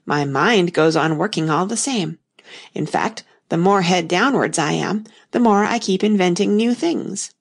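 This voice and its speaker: A woman's voice: lowish voice, a little slow, vocal fry. Woman reading as an earnest, bumbling old knight. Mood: solemn. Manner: earnest, solemn, rambling. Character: bumbling gentle old male knight inventor. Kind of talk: audiobook character reading.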